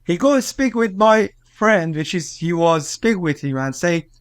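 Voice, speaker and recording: High-voiced man with an Iranian accent. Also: animated, clean tone, dry recording, studio quality. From Iran. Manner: halting non-native English with many fillers and restarts, agitated when quoting. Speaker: journalist, interview guest. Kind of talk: recounting events in an interview.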